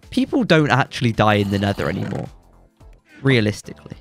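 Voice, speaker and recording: A man's voice: mid-range voice, normal speed, creaky, soft background music. Young man with a stuffy, blocked nose. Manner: excitable, jokey boasting, yelps when surprised. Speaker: gaming YouTuber. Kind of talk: let's play commentary.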